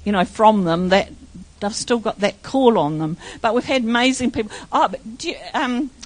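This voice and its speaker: A woman's voice: on the high side, moderate pace, darkish tone. An older woman, a pastor telling church stories in a rambling, emotional way. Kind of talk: church testimony.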